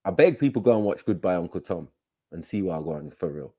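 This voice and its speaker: Laid-back man, mellow voice. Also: deep voice, lively intonation, fast talker, husky. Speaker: livestream host. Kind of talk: casual livestream talk.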